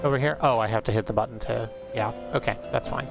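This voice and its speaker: A man chatting casually as he streams a game, musing aloud with a wry edge. His pitch sits in an ordinary middle range. Game music plays clearly behind his voice. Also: fast. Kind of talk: casual gameplay commentary.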